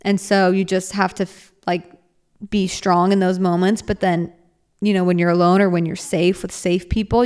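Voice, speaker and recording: A woman's voice: fairly low pitch, a little mellow, smooth. A young woman hosting a solo podcast, talking in a rambling, earnest way with lots of fillers. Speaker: podcast host. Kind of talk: casual reflective solo podcast.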